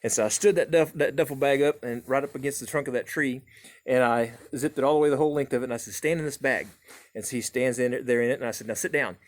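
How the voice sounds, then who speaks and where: A middle-aged man spins a folksy tall tale in an easygoing drawl, stringing it along with "and so." His voice sits at an ordinary middle pitch. It is recorded close and dry in a small home studio. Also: steady tone, fast, no echo. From southern Oklahoma. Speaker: storyteller host.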